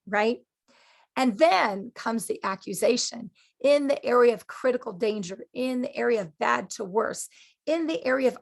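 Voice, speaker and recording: A woman hosting a podcast and teaching in a conversational sermon style, animated and often checking in with her listeners. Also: fairly high pitch, normal speed, vocal fry. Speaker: Christian teacher and podcast host.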